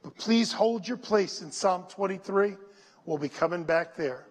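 A male pastor preaching a sermon, leading his congregation to repeat scripture lines and dropping to a near whisper on them. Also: sits high. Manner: slow, drops to a near whisper on scripture phrases; call-and-response with the congregation. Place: church sanctuary. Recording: long reverb in a large hall.

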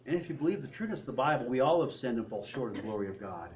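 A man preaching a sermon, swinging between loud, high peaks and low, quiet asides. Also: expressive, rapid-fire, a little hiss or hum.

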